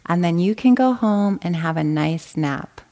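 A woman voicing a patient young mother who speaks quietly and soothingly to her small child in a joke. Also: fairly low pitch, measured pace. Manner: calm, soothing.

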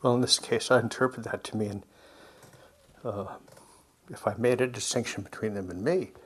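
Guy telling a story to a group, halting, keeps restarting sentences, soft little laughs, thinking out loud. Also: fairly low pitch, fairly even intonation, a little hiss or hum. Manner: halting and self-correcting, with frequent soft laughs; musing and conversational. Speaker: speaker sharing a personal story with a group. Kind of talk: reflective spoken talk with anecdote.

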